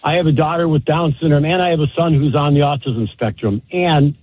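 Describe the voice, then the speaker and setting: Middle-aged male caller, earnest and thankful, husky, coming through a phone line. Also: fairly high pitch, brisk. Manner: grateful and earnest. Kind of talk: call-in radio talk. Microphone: telephone.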